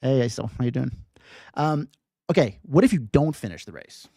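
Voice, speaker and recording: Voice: moderate pace, no room sound, studio quality. A meditation teacher talking casually to a live class, often asking "right?" in a playful way. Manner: conversational, keeps asking "right?"; lively rising and falling pitch, playful.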